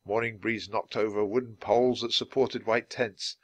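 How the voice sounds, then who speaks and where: A man reading a children's chapter book aloud in a clear, measured, lively way. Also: fairly low pitch. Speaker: storybook reader.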